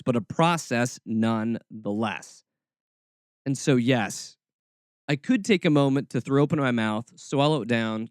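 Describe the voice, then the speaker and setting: Sarcasm and animated exasperation drive this man's podcast hosting, his voice sitting at a medium pitch. The sound is clean studio quality without any echo.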